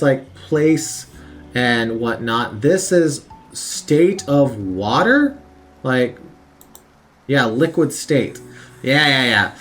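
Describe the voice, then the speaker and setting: Man, casual study commentary, unhurried and animated, repeats each word as he works it out. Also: mid-range voice. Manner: thinks aloud, repeats words over and over, many fillers. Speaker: language learner studying on video. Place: at his work computer on lunch break.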